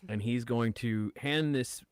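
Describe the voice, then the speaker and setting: A man playing a tabletop game who speaks haltingly, with many fillers. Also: medium pitch, clean tone, dry recording. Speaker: player. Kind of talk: tabletop role-play.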